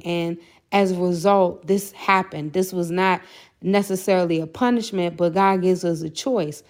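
A woman's voice: fairly low pitch, fairly even intonation, normal speed, a little mellow. A woman sharing a candid personal faith testimony as a podcast guest, earnest and full of "you know" fillers.

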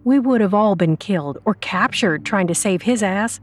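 A woman's voice: mid-range voice, lively intonation, normal speed, faint music behind, close to an everyday voice. Woman voicing a snarling selfish young guy. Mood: cold. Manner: snarling, whispering harshly. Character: selfish young male student, cold and snarling.

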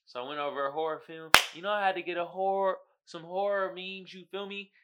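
A man hosting a podcast, recapping a horror movie and reading memes in a casual, animated monologue, swearing freely and breaking into loud shouted impressions. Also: high-pitched, brisk, lo-fi sound, background noise. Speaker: podcast host.

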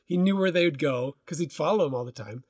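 A man's voice: fairly high pitch, quick pace, husky, dry recording, clean studio sound. A man co-hosting a podcast, telling stories in a loose, rambling way with lots of restarts. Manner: rambling storyteller, loose and relaxed with many restarts. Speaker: podcast co-host. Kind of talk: casual conversation.

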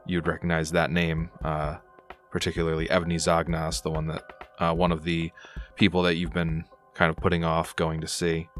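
Deep-voiced man running a tabletop game. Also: completely flat delivery, fairly bright tone. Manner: halting, with many fillers. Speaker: game master. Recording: faint background music.

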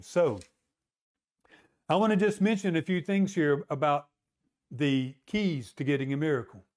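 Man preaching, high voice, acts out the quoted voices. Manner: retells the story, acting out the voices in quotes. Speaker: pastor. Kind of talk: sermon.

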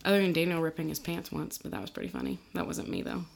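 A woman's voice: low voice, very animated, fast, gravelly. A young adult woman, a singer, chatting as a podcast guest, giggly and saying "like" a lot. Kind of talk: casual chat.

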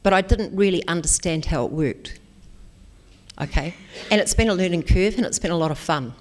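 A woman's voice: fairly low pitch, brisk. A woman giving an encouraging talk, checking in with "okay?" often. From New Zealand. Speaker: speaker. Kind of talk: motivational talk to an audience.

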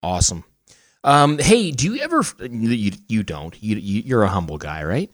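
A man's voice: fairly low pitch, very animated, normal speed, no room sound, studio quality. A man co-hosting a podcast in casual chat, joking and boastful in his banter. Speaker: podcast co-host.

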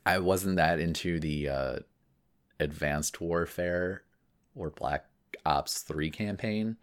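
A man with a very deep, low voice co-hosts a live stream in loose, casual chat. He teases his partner and often stops and restarts mid-sentence. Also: slow pace, smooth. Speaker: podcast co-host.

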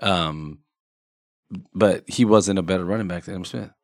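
A man's voice: deep voice, normal speed, no echo, studio quality. Stubborn man defending his pick. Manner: stubborn, teasing, loose slangy talk. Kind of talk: casual sports debate.

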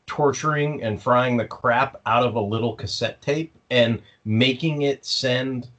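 A man's voice: mid-range voice, a little slow, fairly bright tone. A man co-hosting a casual fan podcast, ranting sarcastically with plenty of profanity and mocking impressions of the characters. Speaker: podcast co-host. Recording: slightly dull lo-fi audio.

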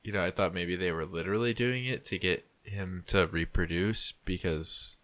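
Very deep-voiced woman. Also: normal speed, a bit bright, dry recording. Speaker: co-host. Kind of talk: casual chat.

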